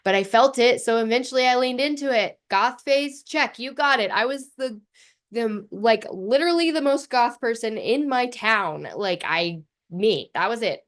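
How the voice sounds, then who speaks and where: Blunt, animated middle-aged woman host. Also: fairly high pitch, moderate pace. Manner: animated and blunt, swears casually, laughs often; talks in loose run-on phrases with many fillers. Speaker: podcast host. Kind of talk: candid personal storytelling.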